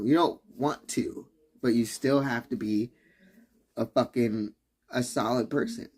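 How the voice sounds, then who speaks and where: A man's voice: medium pitch, darkish tone, breathy edge. Rambling, profane male livestreamer. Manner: rambling, profane, laughs often. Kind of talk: casual live-stream rant.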